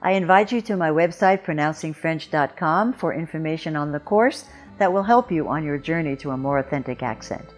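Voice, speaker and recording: A woman with a lowish voice gives a French pronunciation lesson, patient and careful as she models each word slowly. Faint music plays behind her. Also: lively intonation. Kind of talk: instructional lesson.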